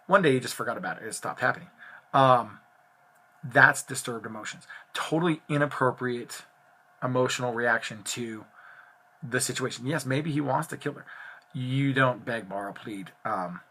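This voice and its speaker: A man with a husky, forceful voice lectures his students like he is telling a story. His delivery is loose and chatty, full of ums. It was recorded on a phone at home. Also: mid-range voice. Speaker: teacher.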